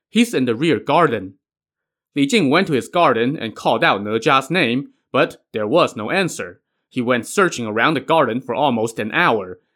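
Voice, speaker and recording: A man retells an old myth in a relaxed, conversational way and drops in wry asides. His voice sits at an ordinary middle pitch. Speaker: podcast narrator. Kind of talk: casual storytelling of a myth.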